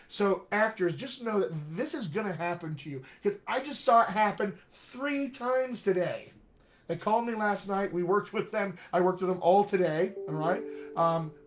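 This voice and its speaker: Man, dialect coach, slightly raised pitch, direct, encouraging, live-stream talk to actors. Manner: direct, encouraging, repeats points with "all right?".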